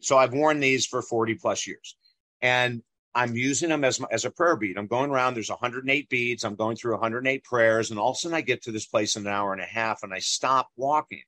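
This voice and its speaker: A middle-aged man, a guest in an interview, telling a personal story in a lively way and acting out the dialogue. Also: medium pitch, a little fast, no room sound. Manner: animated storyteller who acts out dialogue.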